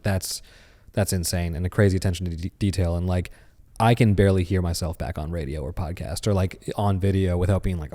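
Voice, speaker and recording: A man in his thirties, a podcast guest, telling a story in casual chat with lively animation. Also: sits low, in a large hall.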